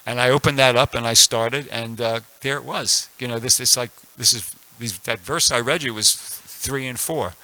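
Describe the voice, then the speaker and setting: This mid-range male voice sounds bright and forceful, captured in a dry, low-quality recording. A man in his sixties rambles through a personal story at a casual temple scripture class, restarting frequently and leaning on fillers.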